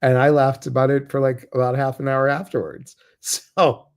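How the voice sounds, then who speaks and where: This man's mid-range voice keeps a level tone as he hosts a live guided meditation. He starts off chatty, laughing readily over viewer comments, and later slows down to give soft, soothing guidance.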